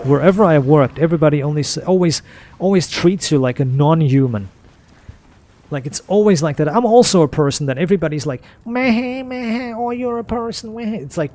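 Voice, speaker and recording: A man's voice: on the high side, a little mellow. A man making a gaming video who goes on a frustrated, profane rant, repeating himself as he talks. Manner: frustrated, profane, repetitive ranting. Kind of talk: off-topic rant over gameplay.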